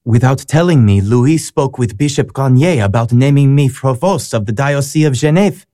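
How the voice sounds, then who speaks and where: A man's voice: mid-range voice, normal speed, mellow, dry recording, clean studio sound, natural voice. An actor playing an earnest, polite young man in a radio drama. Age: young adult. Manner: earnest and polite, hesitant when moved. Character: earnest young male law graduate, devout and respectful. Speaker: young man seeking priesthood.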